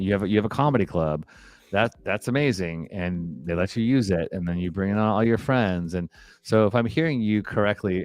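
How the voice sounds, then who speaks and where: A man's voice: sits low, darkish tone. A man hosting a live interview chat over a video call, recapping what he heard and checking back with his guest. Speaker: host.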